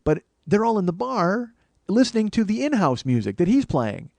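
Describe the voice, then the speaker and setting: Creaky and high, this man's voice moves at a moderate pace in a dry recording. He's a comedian and podcast host in his 40s, launching into a casual monologue of a comic story told with exasperation, profanity and lots of animation.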